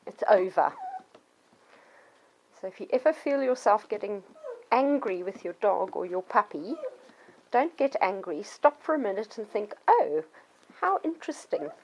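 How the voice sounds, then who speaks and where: A woman's voice: medium pitch, lively intonation, a little slow, long pauses, muffled recording. Patient woman teaching puppy care. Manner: clear, patient explaining, acts out yelps and children's voices. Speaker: dog trainer. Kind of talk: instructional talk to children and parents.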